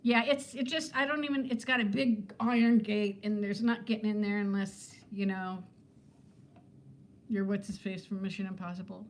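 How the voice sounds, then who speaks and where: A woman's voice: medium pitch, fairly even intonation, normal speed. A woman in her fifties who is a weight-loss vlogger, chatting casually with viewers on a livestream in a rambling way and laughing often. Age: 50s.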